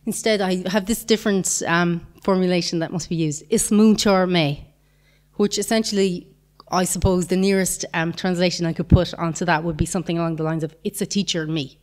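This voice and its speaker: A woman's voice: on the low side, fairly even intonation, a little fast, few pauses, darkish tone. A woman giving a conference talk, patiently explaining grammar with examples and the odd light chuckle. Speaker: conference speaker.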